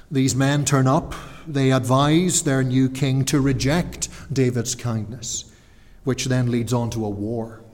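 A man preaching a sermon, earnest and slowing down to stress key words. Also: mid-range voice, darkish tone. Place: church. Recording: church hall reverb.

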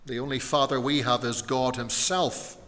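A man preaching an evening sermon, slow and deliberate, often putting questions to his listeners. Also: medium pitch, fairly even intonation, fairly bright tone, big-room sound. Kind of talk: evening sermon on a Bible passage.

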